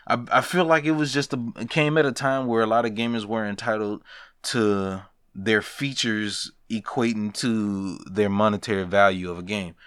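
A man hosting a solo podcast, talking in a blunt, profane, animated way and laughing between rants. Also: lowish voice, normal speed, clean tone, no room sound, clean studio sound. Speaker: podcast host. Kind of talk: casual solo podcast rant.

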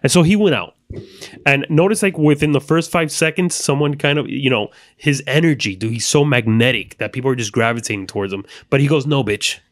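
A man's voice: medium pitch, fairly quick, dry recording, clean studio sound. A man hosting a casual comedy podcast, riffing loosely on funny videos, with plenty of swearing and playful put-on voices. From Miami. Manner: animated, profane, riffing on videos. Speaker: podcast host.

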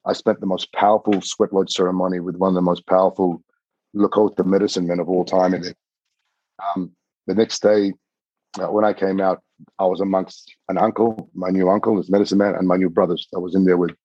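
Husky man telling a story. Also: low voice, level tone, a little fast, mellow, no echo. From Australia. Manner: vivid, repeats words, swears casually. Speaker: podcast guest. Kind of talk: animated personal storytelling. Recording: slightly muffled dry recording.

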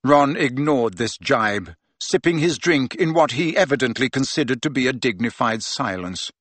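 A man narrates a novel aloud in an expressive reading voice. His pitch moves freely with the story. The sound is close and dry. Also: no room sound. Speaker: audiobook reader. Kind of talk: audiobook narration.

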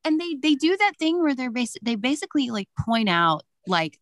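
A woman co-hosting a podcast in casual chat, animated and laughing, with lots of fillers. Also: on the high side, normal speed, few pauses, no room sound. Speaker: podcast co-host.

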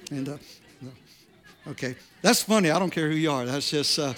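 A man preaching to his congregation, telling a funny story and reading scripture in a relaxed, conversational way with frequent restarts. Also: fairly high pitch, brisk. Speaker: pastor. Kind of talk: sermon.

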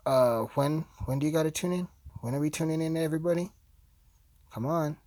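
A man's voice: a little high, brisk, darkish tone. A man hosting his podcast, ranting in a heated, profane, casual way. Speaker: podcast host.

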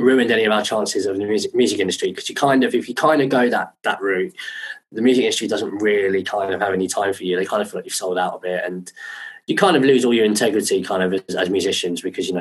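A man's voice: fairly low pitch, low-quality recording. A man, a podcast guest telling rambling, sweary anecdotes with lots of fillers and "right?". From England. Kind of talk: casual anecdotal storytelling.

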